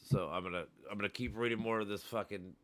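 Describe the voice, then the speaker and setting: A low-voiced man hosts a casual livestream. He rants with heat, swearing often as he argues his point. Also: steady tone, fast, a bit bright. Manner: heated, profane ranting. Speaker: livestream host. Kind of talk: casual chat.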